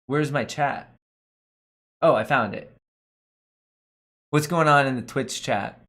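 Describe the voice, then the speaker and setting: A young man hosting a live stream chats casually with his viewers, reading comments aloud. He jokes constantly and slips into slang. His voice sits at an ordinary middle pitch. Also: slow pace, a bit bright. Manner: jokey, laughs often, slangy banter. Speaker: stock market livestream host.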